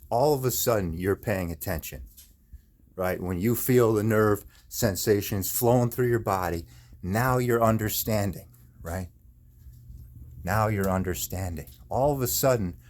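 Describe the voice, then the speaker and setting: A man's voice: fairly low pitch, a little mellow. Angry man ranting to camera. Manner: angry, profane, repetitive. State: living with chronic pain. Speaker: video maker.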